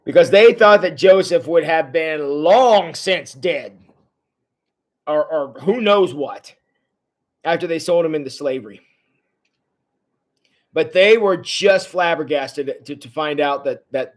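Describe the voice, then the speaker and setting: This man, a pastor, runs an informal Bible study on a livestream, animated and conversational as he reacts to comments mid-story. His pitch is slightly high, his pace a touch slow, and he pauses frequently.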